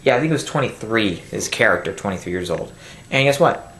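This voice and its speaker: A man's voice: on the low side, lively intonation, fairly quick, fairly bright tone, a little hiss or hum. A man ranting angrily in a movie review. He rambles, restarts sentences and swears, recorded on a built-in camera microphone at home. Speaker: film reviewer. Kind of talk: angry movie review rant. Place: home room. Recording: echoey room, built-in camera mic.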